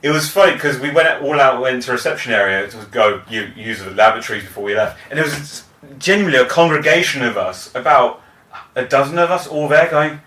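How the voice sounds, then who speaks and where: A man co-hosting a podcast, telling stories with animated, excitable energy in casual music chat. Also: mid-range voice, fairly quick. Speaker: podcast co-host. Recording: echoey room, distant mic.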